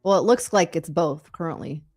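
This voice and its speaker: A woman's voice: low-pitched, normal speed, darkish tone. A woman co-hosting a live stream, giggly and rambling, reading chat comments aloud. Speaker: co-host. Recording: faint music behind.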